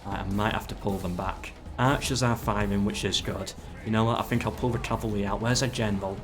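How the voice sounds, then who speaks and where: A man's voice: on the low side, fairly even intonation, fairly quick. A man casually commenting while playing a strategy game live, ordering his troops and chatting with viewers. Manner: chatty, gives orders to troops, talks to chat. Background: game music.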